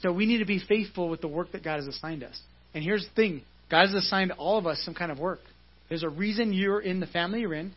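A pastor preaching a conversational sermon at a church service, explaining scripture casually and often checking in with "right?". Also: male voice, high voice, fast talker, dull audio.

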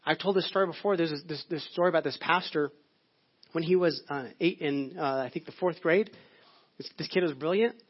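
A man's voice: fairly high pitch, a little fast, husky. A male pastor giving a sermon in a conversational, storytelling way. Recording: dull lo-fi audio.

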